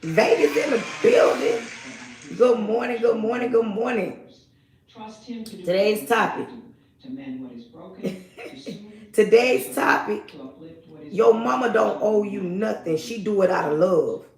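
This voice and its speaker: A female livestream host runs a casual morning stream, speaking emphatically and repeating her greetings, seemingly into a phone in an echoey room. Her medium-pitched voice is expressive, slow, and darkish with a gravelly edge. She pauses often.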